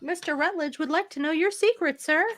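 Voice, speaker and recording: A woman's voice: high voice, fairly quick, faint music behind. A young American woman streaming live, chatting playfully and swearing freely. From United States. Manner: animated, playful and swearing, with sudden squeals. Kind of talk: casual live-stream chat.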